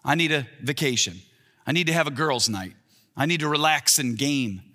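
A man's voice: on the high side, normal speed, sharp tone. A man in his thirties preaching an earnest sermon as a pastor, voicing the quoted lines with more lift. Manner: earnest, rising for acted-out quotes. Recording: long reverb in a large hall.

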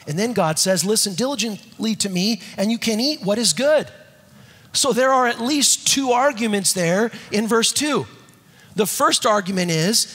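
A man preaching a sermon, emphatic and repetitive, dropping to soft low tones when reading scripture. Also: moderate pace. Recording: long hall reverb, husky.

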